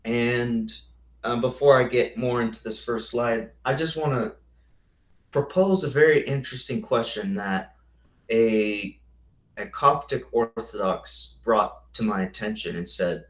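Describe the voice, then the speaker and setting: A man's voice: medium pitch, measured pace, a bit bright. A man hosting a casual lecture with slides, thinking aloud with rhetorical questions and answering viewers' comments. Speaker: host. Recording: echoey room.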